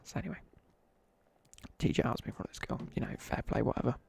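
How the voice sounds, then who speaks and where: A young streamer talks casually as he games, spinning a meandering story with side comments. His voice is gravelly and husky, a little mellow, and he speaks quickly.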